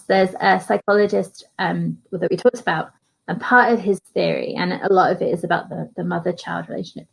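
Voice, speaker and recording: A woman's voice: fairly low pitch, creaky, breathy edge, rough recording. A woman hosting a coaching podcast, affirming her guest and thinking aloud in casual conversation.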